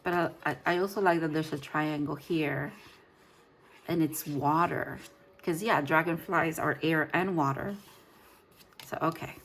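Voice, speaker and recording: A woman's voice: deep voice, steady tone, measured pace, a bit bright. A woman giving a casual tarot reading, rambling and searching for her words with frequent fillers. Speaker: tarot reader.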